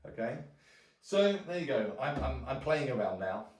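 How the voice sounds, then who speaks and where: A man teaching djembe in a relaxed, casual way, thinking aloud with frequent restarts. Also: mid-range voice, moderate pace, over loud music. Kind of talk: casual music lesson. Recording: roomy sound from a distance, drumming around speech. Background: djembe drumming.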